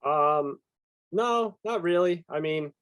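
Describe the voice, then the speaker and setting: A man's voice: fairly high pitch, lively intonation, takes it slowly, fairly bright tone, clear, resonant tone, no room sound. A man co-hosting a podcast, easing into a story with hesitant fillers. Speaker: podcast co-host. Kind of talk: casual podcast chat.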